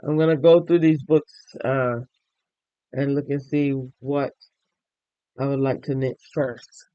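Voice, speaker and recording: A tired, yawning man hosting a crochet and knitting podcast, chatting casually as he shows his items to viewers and thinks out loud. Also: mid-range voice, steady tone, unhurried, clear, resonant tone, no echo, lo-fi sound. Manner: chatty, thinks aloud, addresses viewers directly. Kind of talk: casual show-and-tell chat.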